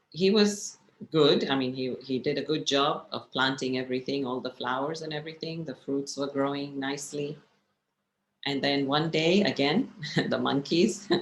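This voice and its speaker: A woman's voice: very deep voice, reverberant, poor audio. A woman meditation teacher giving a spiritual class, telling stories and asking her listeners rhetorical questions.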